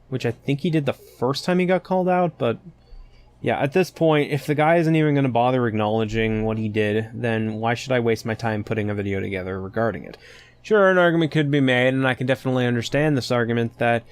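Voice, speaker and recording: A man's voice: mid-range voice, smooth, no echo. A man hosting his own podcast, ranting with exasperation and plenty of swearing. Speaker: podcast host. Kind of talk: casual solo podcast rant.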